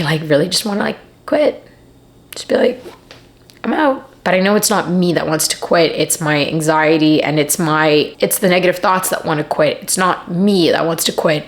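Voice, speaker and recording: A young woman vlogging earnestly to the camera, teary and laughing through tears as she pleads and repeats herself. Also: on the low side. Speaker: vlogger and acting coach. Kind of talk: emotional confessional vlog.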